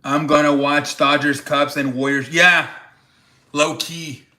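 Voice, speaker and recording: A man's voice: on the high side, flat delivery, takes it slowly, pushed and bright. A man hosting a casual livestream, chatting loosely with cursing and laughter and greeting viewers by name. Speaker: livestream host.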